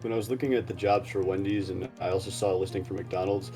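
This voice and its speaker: A man's voice: deep voice, steady tone, fast talker, mellow, faint music behind. A young man chatting casually on a podcast, telling stories in a matter-of-fact way. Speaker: podcast co-host. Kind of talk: casual chat.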